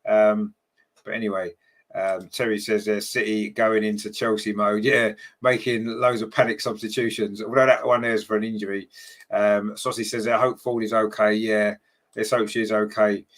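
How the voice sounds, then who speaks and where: Male fan host, lowish register, casual partisan play-by-play with chat reading, filler-heavy. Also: little pitch movement, moderate pace, a bit bright. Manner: chatty, partisan, many ums and tag questions. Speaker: watchalong host and commentator.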